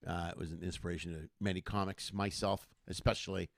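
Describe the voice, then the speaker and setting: A man hosting a show, giving somber closing remarks in a halting, soft-spoken way. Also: sits low, level tone, creaky, dry recording, clean studio sound. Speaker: show host.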